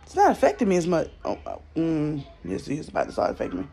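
Faint music plays behind a young Southern woman who chats to her viewers from bed at home, blunt and profane, recorded on a phone. She sits low in pitch but swoops wildly, talking quickly in a creaky, dark voice.

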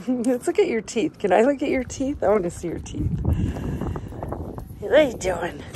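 A woman's voice: on the high side, lively intonation, normal speed, warm tone, a little hiss or hum. A woman filming on her farm, talking affectionately to her goats and cat in a doting, playful way. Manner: affectionate baby-talk to animals, frequent laughs. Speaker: farm vlogger. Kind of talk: casual talk to farm animals. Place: outdoors on a farm. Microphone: handheld camera.

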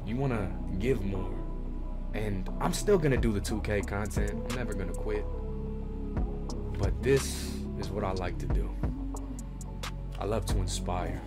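A man's voice: lowish voice, measured pace, pauses often, loud music behind the voice. A man, a gaming video creator, delivering a profane, theatrical comedic rant. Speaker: gaming YouTuber.

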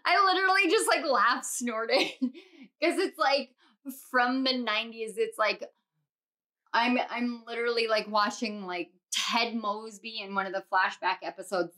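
A bubbly young woman talks her viewers through a tarot reading, gushing over the cards. Her voice sits a little high and rings bright and forceful. Her excitement spills over into quick laughs and squeals. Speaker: tarot reader.

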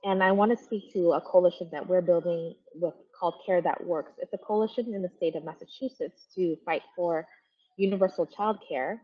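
A woman's voice: lowish voice, brisk, hardly any pauses, breathy edge, dull audio. A woman organizer giving an earnest symposium talk over a video call, often rephrasing herself. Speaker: community organizer. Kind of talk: symposium presentation. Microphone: video call mic.

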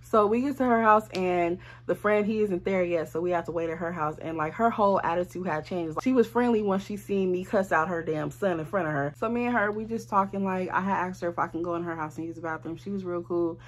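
Young woman, husky tone; animated, profane storytime vlogger. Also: on the low side, quick pace, few pauses. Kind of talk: casual storytime.

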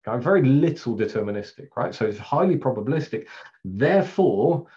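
A man's voice: medium pitch, lively intonation, a little fast, mellow. A middle-aged Englishman with an English accent, a Scrum trainer giving a casual, chatty presentation with fillers and frequent laughs over a video call. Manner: chatty, self-deprecating, laughs often, many fillers. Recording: slightly dull, lo-fi webcast audio.

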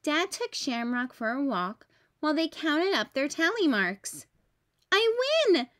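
A woman teacher reading a children's storybook aloud, clear and expressive. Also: sits high, unhurried.

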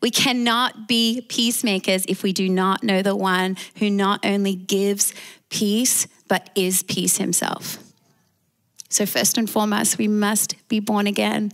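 A woman's voice: mid-range voice, flat delivery, a little slow. A woman with an Australian accent preaching a sermon as pastor, calling out for amens from the congregation. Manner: preaching with call-and-response amens.

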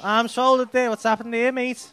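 A man's voice: very high-pitched, level tone, moderate pace, pushed and bright, clean tone. A male stand-up comedian doing cheeky, teasing crowd work and swearing freely. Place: comedy club stage with live audience. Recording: live club audience.

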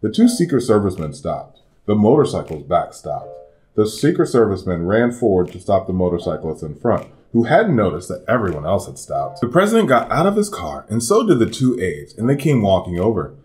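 A man's voice: fairly low pitch, huge pitch swings, brisk. A man reading a picture book aloud to children, giving each character a voice. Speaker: storybook reader. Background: soft guitar music.

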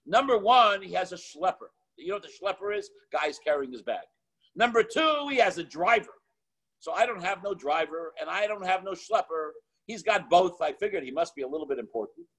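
Husky rabbi telling a lively story. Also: male voice, high voice, brisk, poor audio. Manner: animated anecdotes with quoted dialogue and filler restarts. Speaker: Chabad rabbi and author. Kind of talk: storytelling talk.

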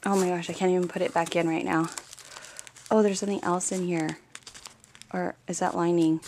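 Her voice is fairly low and a little mellow, with little pitch movement, a moderate pace, and a faint hiss or hum. This paper-craft vlogger gushes directly to viewers in a casual show-and-tell video, with frequent repeated exclamations.

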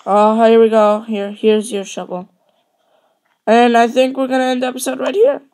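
A woman's voice: on the high side, flat delivery, moderate pace, darkish tone. A woman chatting and rambling playfully while playing a building game. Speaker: let's play host. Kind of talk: casual gameplay chat.

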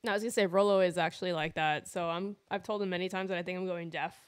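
A woman's voice: on the low side, fairly even intonation, very fast, smooth, no echo, studio quality. Wry woman reading the stream chat. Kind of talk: casual chat.

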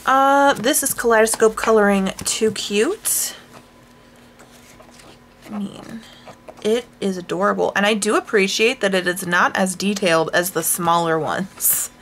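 A woman vlogger chatting casually while showing her coloring books, rambling and self-deprecating, with sighs and hushed asides. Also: mid-range voice, measured pace, slight background noise. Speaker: craft vlogger.

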